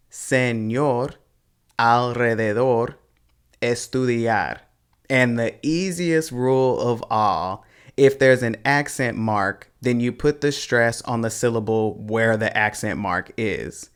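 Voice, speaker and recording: This is a man teaching Spanish pronunciation on a scripted video. His medium-pitched voice has a clean tone, and he speaks slowly and deliberately yet in a casual, slangy style.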